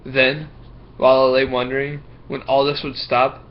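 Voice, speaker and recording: A man's voice: medium pitch, flat delivery, normal speed, lightly acted. Storybook: a man reading as a nervous schoolboy, hesitant and stammering, muffled recording with faint hiss. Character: young schoolboy, nervous, full of excuses. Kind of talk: reading a picture book aloud.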